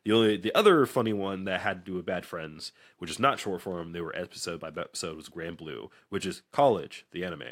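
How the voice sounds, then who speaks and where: A man's voice: low-pitched, brisk, hardly any pauses. A man co-hosting a casual podcast, chatting about anime, laughing often and acting out scenes in funny voices. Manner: animated, laughing, acts out scenes. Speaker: podcast co-host. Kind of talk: casual chat.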